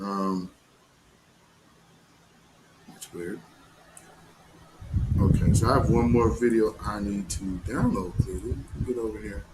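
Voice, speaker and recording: A man's voice: on the low side, background noise. A man hosting a live news commentary stream, heated and mocking, with slangy, profane talk.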